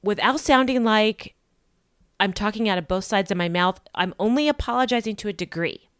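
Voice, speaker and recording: A woman's voice: mid-range voice, normal speed, smooth, no room sound, studio quality. A woman hosting her solo podcast, talking candidly in an in-your-face, sarcastic way, rambling with lots of ums and restarts. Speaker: podcast host.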